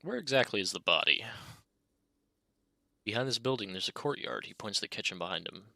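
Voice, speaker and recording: Man reading game text, bright and dry. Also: on the low side, lively intonation, vocal fry, no echo. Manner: casual, halting, reads with asides. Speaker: gaming video creator.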